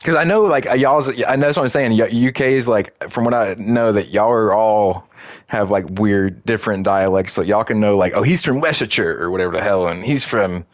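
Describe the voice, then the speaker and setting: A man's voice: on the low side, fairly even intonation, moderate pace, no echo, studio quality. A man streaming a game, chatting loosely and rambling with lots of filler words. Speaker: gaming streamer. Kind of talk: casual live-stream commentary.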